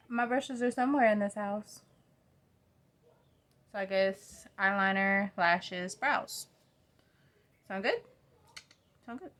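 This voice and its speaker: A woman's voice: medium pitch, pushed and bright. Chatty young woman with a drawl. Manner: chatty, rambling, self-deprecating. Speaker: vlogger. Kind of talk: casual get-ready-with-me chat. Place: at home by a mirror.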